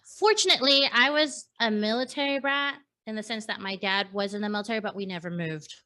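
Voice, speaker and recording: Bright-voiced chatty woman host. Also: medium pitch, brisk. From San Diego. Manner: chatty, animated storytelling. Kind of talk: casual panel chat.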